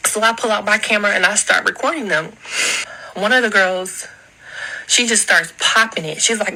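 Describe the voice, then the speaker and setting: A young woman with a strikingly bright, sharp-edged voice tells her story straight to camera. She sounds upset and heated, blunt and free with her swearing. Her pitch sits in an ordinary middle range. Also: moderate pace, poor audio. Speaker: vlogger recounting an incident.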